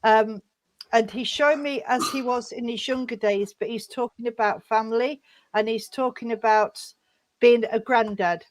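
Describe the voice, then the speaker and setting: A woman medium giving messages during a service, her voice sitting a little high. She speaks haltingly with plenty of fillers and restarts. She calls her listeners sweetheart. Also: fairly even intonation. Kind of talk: mediumship demonstration.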